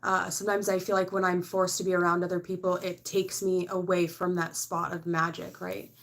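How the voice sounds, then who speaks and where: A woman's voice: lowish voice, flat delivery, brisk, gravelly, fairly bright tone. Rambling woman giving a casual tarot reading. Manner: rambling, full of "like" and "I don't know"; frank, with laughs mixed in. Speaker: tarot reader.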